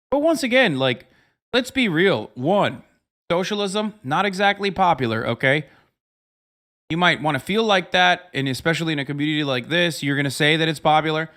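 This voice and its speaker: A man in his thirties ranting profanely on a livestream, often switching into loud mocking voices. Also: on the high side, lively intonation, normal speed. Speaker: streamer reacting to videos. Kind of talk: casual livestream commentary.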